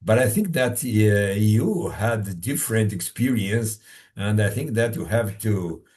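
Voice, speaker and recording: A man hosts a relaxed interview in a lowish voice. He is conversational and encouraging, and he keeps the talk going with friendly questions. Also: measured pace. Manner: conversational, encouraging, frequent backchannel. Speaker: host. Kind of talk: casual interview chat.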